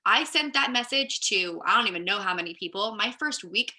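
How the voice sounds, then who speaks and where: A woman's voice: mid-range voice, lively intonation, a little fast, bright, forceful tone. A woman giving a casual training talk to her team, chatty and direct, often saying "like" and "you guys". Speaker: team leader.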